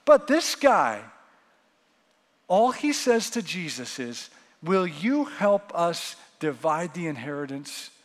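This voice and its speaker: A man preaching a sermon as pastor, lively and animated, acting out the voices of the people he quotes. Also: high voice, long reverb tail.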